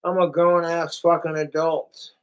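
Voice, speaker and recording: A man's voice: a little high, flat delivery, measured pace, smooth, rough recording. A young man ranting profanely and rambling on a casual livestream, talking straight to his chat.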